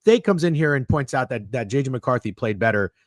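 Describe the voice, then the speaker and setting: A man's voice: medium pitch, lively intonation, a little fast, no echo, clean studio sound. A man hosting a sports podcast, steering the panel and citing stats in a casual, frank tone. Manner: leads the discussion, cites stats. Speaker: podcast host.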